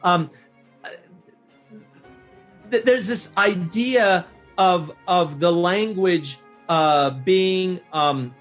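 A man from northern New Mexico, speaking as a historian guest on a podcast, emphatic and animated, often restarting his sentences. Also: high voice, extremely slow, long pauses, faint music behind. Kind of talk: casual podcast conversation.

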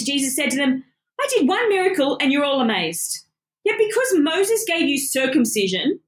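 Enthusiastic woman teaching the Bible. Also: high-pitched. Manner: enthusiastic, chatty, laughs often.

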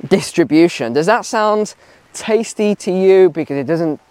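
A man's voice: sits high, measured pace, darkish tone, no room sound. A man talking outdoors on a walk, giving emphatic opinions and repeating phrases for stress. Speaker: video commentator. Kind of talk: casual opinion vlog while walking.

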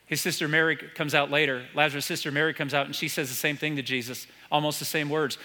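Bright-voiced American preacher in a reverberant hall. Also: male voice, fairly high pitch, flat delivery, fast talker, few pauses. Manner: storytelling, with rhetorical questions to the congregation. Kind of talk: sermon. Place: church stage.

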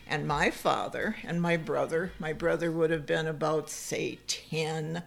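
A woman's voice: low-pitched, gravelly. An older woman co-hosting a podcast, telling family stories in a casual chat. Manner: slow, animated storyteller. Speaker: podcast co-host.

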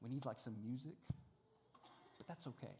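A man's voice: mid-range voice, moderate pace, dark tone, a little hiss or hum. A middle-aged man preaching a sermon in a large church. He talks conversationally, with self-deprecating humor and frequent restarts, while running a demonstration on stage. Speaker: pastor. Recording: long hall reverb.

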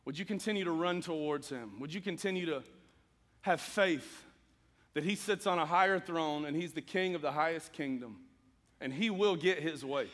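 A man's voice: a little high, moderate pace, fairly bright tone, in a large hall. A man preaching a sermon, earnest and emphatic as he reads scripture and speaks to the congregation. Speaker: pastor.

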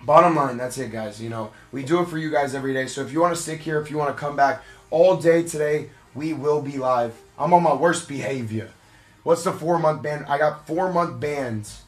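A young man hosting a live card break stream, shouting excitedly at big pulls. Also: fairly high pitch, fairly quick, reverberant, faint music behind.

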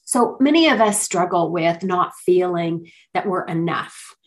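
A middle-aged woman giving a reflective motivational talk on self-worth, earnest and gentle, often saying "you know". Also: fairly low pitch, expressive, a little slow, low-quality recording.

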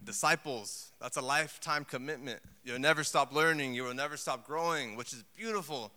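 A man preaching a sermon in a lively, conversational way, full of asides and acted quotes. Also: mid-range voice, fairly quick. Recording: long hall reverb.

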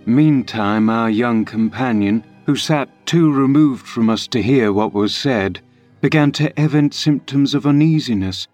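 A man reading a classic novel aloud in measured, even scripted narration. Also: mid-range voice, no room sound. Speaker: audiobook reader.

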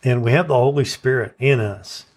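A man's voice: mid-range voice, moderate pace. Earnest male preacher. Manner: earnest, repeats "okay?" to check in with listeners; stresses verse words in turn as he recites. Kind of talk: sermon.

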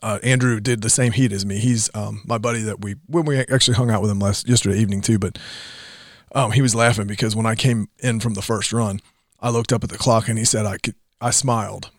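A man's voice: fairly low pitch, steady tone, fast talker, dry recording, studio quality. A man in his forties co-hosting a casual church podcast, rambling and chatty, laughing often as he tells stories. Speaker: podcast co-host. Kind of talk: casual chat.

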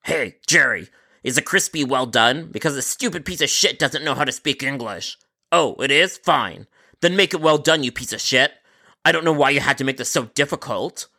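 Man doing a rude, shouting pizza customer. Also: mid-range voice, expressive, normal speed. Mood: angry. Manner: shouting, insulting, impatient.

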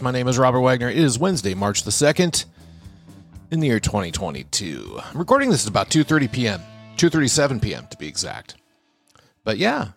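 A man rants alone into a podcast mic, angry and sarcastic, swearing constantly. His pitch swings widely, from low grumbles to sudden high jabs. The sound is close and dry, with no room echo. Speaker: podcast host. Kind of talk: profane solo podcast rant.

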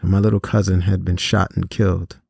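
A man with a low, gravelly voice and a dark, mellow tone tells a personal story to young listeners. He talks earnestly and at a measured pace, often pausing on small fillers. The sound is dry and close, with no room around it. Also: flat delivery, no echo. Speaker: host and speaker on violence prevention. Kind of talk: personal storytelling talk to students.

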